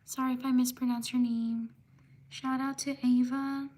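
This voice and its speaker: A woman hosting a live stream, reading out viewer names one by one with quick apologies for mispronouncing them. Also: high voice, flat delivery, darkish tone. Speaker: livestream host.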